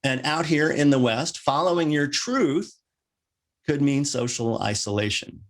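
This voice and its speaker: A male minister delivering a sermon, with wry joking asides and lively rising emphasis. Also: medium pitch, measured pace.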